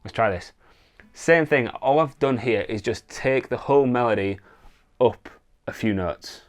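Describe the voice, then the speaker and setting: A man teaching songwriting in a relaxed, casual way, thinking aloud and demonstrating on guitar. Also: medium pitch, measured pace. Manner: relaxed, thinks aloud with fillers, sings wordless vocal lines. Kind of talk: casual instructional talk with guitar demos. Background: acoustic guitar playing.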